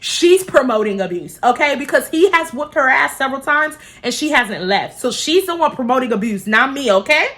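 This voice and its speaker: A woman's voice: high-pitched, animated, fairly quick, hardly any pauses, sharp tone. A woman in her twenties from Houston, telling a heated, profane storytime on her vlog, recorded on a phone camera. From Houston, Texas. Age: 20s. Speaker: vlogger.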